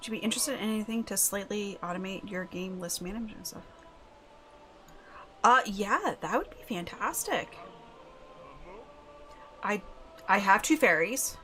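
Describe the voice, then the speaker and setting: A young woman streaming a video game live, chatting with viewers and yelling excitedly at the game. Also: mid-range voice, normal speed, long pauses.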